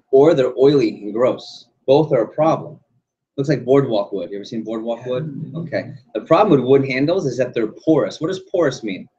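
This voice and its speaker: A man running a sales training class, animated and quizzing the group with questions. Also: mid-range voice, slight background noise. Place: training room. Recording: dull lo-fi recording.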